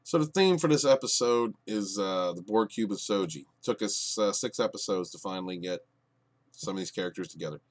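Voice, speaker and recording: A man giving an exasperated review of a TV show, with lots of fillers and restarts, dropping to low mutters and then bursting out loud. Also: fairly quick. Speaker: podcast reviewer. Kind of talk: ranting review commentary.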